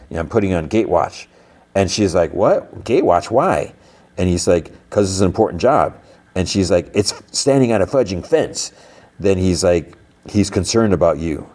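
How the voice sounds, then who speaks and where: A man's voice: deep voice, a little mellow. A man hosting a podcast, casually recapping an episode in a rambling way, leaning on "like" and swapping in mild stand-in swear words. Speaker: podcast host.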